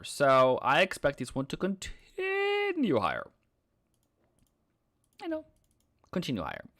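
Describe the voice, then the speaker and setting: Lively low-voiced man on a trading stream. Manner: joking banter, drawn-out chart talk. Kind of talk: live trading analysis chatting with viewers.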